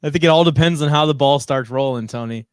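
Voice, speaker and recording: Smooth-voiced man, dry close sound. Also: a little high, quick pace, dry recording. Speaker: podcast co-host. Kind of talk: casual sports chat.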